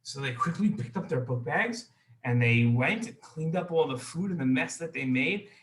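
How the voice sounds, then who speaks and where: Man hosting a kids show, upbeat storytime, high bright voice, echoey room. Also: lively intonation, moderate pace. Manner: upbeat, reassuring, talks to kids. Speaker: children's show host. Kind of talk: storytelling to children.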